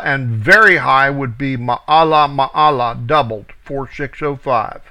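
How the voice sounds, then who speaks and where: A man teaching from scripture, reading each verse slowly and deliberately, calling out reference numbers and stressing key words. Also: mid-range voice, pushed and bright, low-quality recording. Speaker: Bible teacher. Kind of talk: scripture reading with word study.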